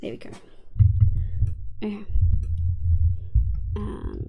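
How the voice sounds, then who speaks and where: A woman's voice: medium pitch, normal speed, long pauses, a little hiss or hum. An Australian woman live-streaming a game, chatting casually with viewers, thinking aloud and swearing freely. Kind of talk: casual gameplay chat answering viewers.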